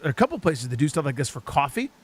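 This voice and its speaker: Male sports radio co-host, slightly high voice, animated and chatty. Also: fast talker, breathy edge. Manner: chatty, riffing and teasing. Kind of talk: casual sports radio banter.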